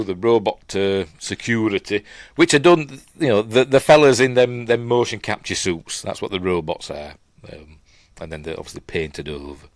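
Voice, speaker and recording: Man, Yorkshire accent, middle-aged, lowish voice, dry close sound, rambling casual film commentary, chats with viewers. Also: no echo. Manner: rambling and chatty, trailing off and restarting; chats with live viewers while watching. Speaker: host.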